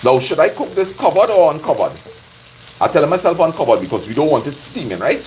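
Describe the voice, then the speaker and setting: A man's voice: on the high side, big pitch swings, fairly quick, darkish tone, slight background noise, low-quality recording. A man with a Trinidadian accent chatting and teasing live viewers as he cooks at his kitchen stove. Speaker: cooking vlogger streaming live. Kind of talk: casual chat to live viewers while cooking. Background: frying sizzle.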